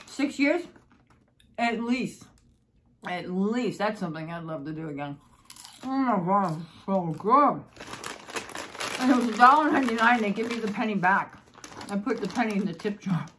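A woman's voice: medium pitch, fairly bright tone, a little hiss or hum. A woman vlogger chatting casually, rambling and repeating herself, with frequent exclamations. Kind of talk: casual vlog chat.

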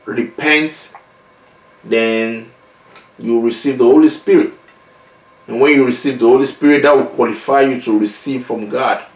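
A man's voice: medium pitch, fairly even intonation, normal speed, long pauses. A male evangelist preaching a sermon in an earnest, conversational way, often adding "you know" and "man". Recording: roomy, echoey sound from a distance.

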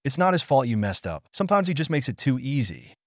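A man's voice: medium pitch, sing-song, fast talker, no echo, clean studio sound, pitched above the performer's own voice, natural voice. A man voicing a teenage punk boy with a blunt, mocking way of talking. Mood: teasing.

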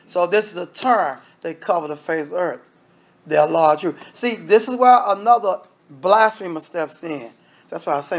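High-pitched gravelly male preacher. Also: animated, moderate pace. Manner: emphatic, conversational preaching that addresses the congregation directly. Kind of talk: sermon.

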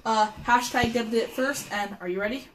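A woman's voice: fairly high pitch, moderate pace. A woman hosting a casual video, chatty and giggly as she hands out challenges and scores them. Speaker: host. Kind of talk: casual chat. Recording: roomy, distant mic, background noise.

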